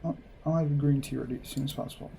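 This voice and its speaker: A man voicing a shy, courteous young male train attendant who speaks softly and a little nervously. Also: medium pitch, steady tone, rapid-fire, vocal fry, a little hiss or hum, natural voice. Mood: polite. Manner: soft-spoken, courteous, slightly nervous.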